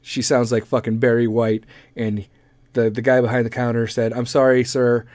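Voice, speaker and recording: A man's voice: mid-range voice, little pitch movement, moderate pace, a little mellow, no echo. A man hosting a podcast, delivering a profane, rambling comedic rant. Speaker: podcast host.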